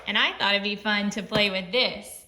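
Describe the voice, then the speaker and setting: A young woman hosting an early-learning lesson for toddlers, talking gently in a sing-song teacher voice. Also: mid-range voice, fairly even intonation, normal speed. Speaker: children's show host. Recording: echoey room with background noise.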